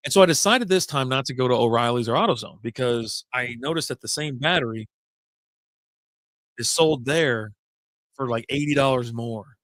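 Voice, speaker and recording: A man hosting a relaxed happy-hour podcast, talking in a mid-pitched voice. He rambles from one anecdote to the next, drops casual curses, and sounds dry and close to the mic. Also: normal speed, dry recording. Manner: rambling, jumps between stories, swears casually. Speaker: podcast host. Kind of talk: casual beer chat.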